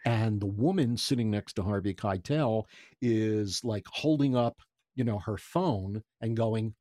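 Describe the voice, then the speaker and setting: A man in his sixties telling a lively story as an interview guest, stumbling and repeating words as he gets excited. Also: on the low side, unhurried, no room sound, studio quality. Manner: animated storyteller, stammers and repeats. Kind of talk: casual anecdote telling.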